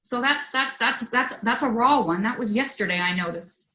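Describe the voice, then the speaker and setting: Tearful woman, soft and heartfelt. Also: fairly high pitch. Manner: soft, heartfelt, halting with restarts. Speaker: host of a women's healing circle. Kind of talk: emotional sharing in an online circle. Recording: roomy echoey sound.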